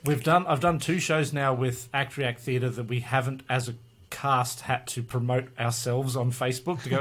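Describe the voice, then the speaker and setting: A man, a stage actor, chatting as a podcast guest with dry humor and frequent "uh" pauses. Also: mid-range voice, fairly even intonation, fairly bright tone, slight background noise. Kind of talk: casual chat.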